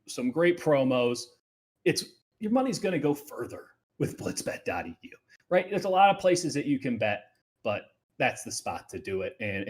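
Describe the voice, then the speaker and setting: Animated male sports betting host. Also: mid-range voice. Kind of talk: casual betting talk.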